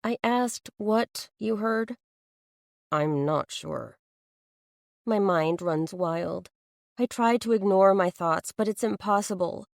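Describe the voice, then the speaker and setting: A woman's voice: medium pitch, a little slow, no room sound, studio quality. A woman narrating a first-person audiobook thriller, reading an anxious inner monologue in an earnest way.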